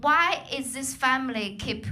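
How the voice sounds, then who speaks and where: Bright high Chinese-accented woman comic. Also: unhurried. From China. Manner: animated, lively voice acting of others. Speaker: stand-up comedian. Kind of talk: stand-up comedy set. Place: comedy club stage.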